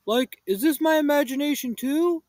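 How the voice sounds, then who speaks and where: A man voicing a panicky, easily scared lanky young man with a high yelping voice. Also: normal speed, a little mellow, no room sound. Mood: protesting.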